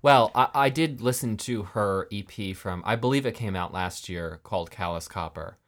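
Male podcast co-host, very deep voice, loose rambling delivery. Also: normal speed, a bit bright. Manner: casual, rambling, self-correcting. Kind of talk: casual music discussion.

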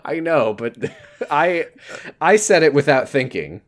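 A man co-hosting a podcast, chatting casually about a TV episode. His voice has a very lively pitch that swings up and down. He jokes, laughs easily, and acts out characters as he retells scenes. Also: slow. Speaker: podcast co-host. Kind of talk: casual chat recapping a TV episode.

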